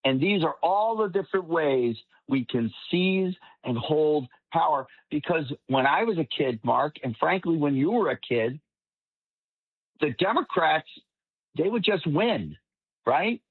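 Male commentator guest, slightly high voice, husky, long-winded and emphatic, tinny dry phone-like line. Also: lively intonation, a little slow, no echo. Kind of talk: panel commentary.

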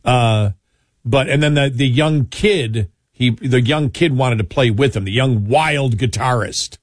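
A man's voice: medium pitch, measured pace, no room sound. Guy hosting talk radio, rambly, keeps restarting, dry close mic. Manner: rambling, self-interrupting, chuckling storyteller. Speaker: radio talk show host. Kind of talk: casual political talk show banter.

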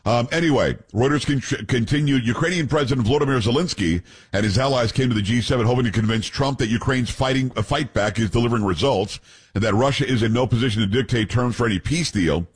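A man's voice: mid-range voice, fast talker, husky. A man hosting a talk radio show, reading news aloud with blunt opinions and joking asides to his co-hosts.

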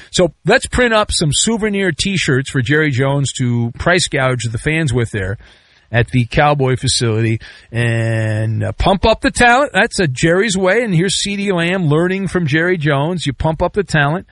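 A man hosting a sports talk show, riffing sarcastically and swinging between loud bursts and low asides. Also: dry recording. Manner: sarcastic, riffing with mock quotes. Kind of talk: sports talk radio commentary.

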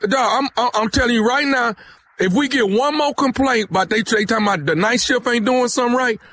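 A man's voice: extremely high pitch, brisk, a bit bright, no echo. A man playing a confrontational night-shift warehouse worker on a prank phone call, stammering and threatening. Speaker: radio prank caller.

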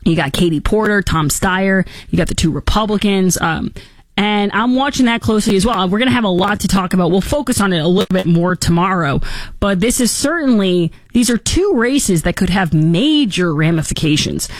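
A woman hosting a political commentary show, talking in a sarcastic, mocking and animated way. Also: medium pitch, moderate pace, no echo, clean studio sound.

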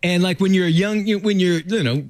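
Brief: co-host, man, relaxed and agreeable, fairly high pitch. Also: a little fast. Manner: easygoing, chimes in with short agreements. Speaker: radio co-host. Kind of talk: casual chat.

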